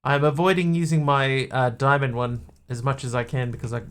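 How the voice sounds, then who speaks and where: A man's voice: mid-range voice, fairly even intonation, fairly quick, clean tone. A man streaming a video game live, rambling, telling jokes and talking to his chat. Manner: rambling, joking, talks to chat.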